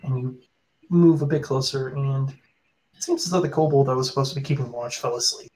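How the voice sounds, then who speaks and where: Brief: mid-pitched male GM, easygoing, stop-start tabletop narration. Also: darkish tone, low-quality recording. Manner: casual, halting narration with fillers. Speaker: game master.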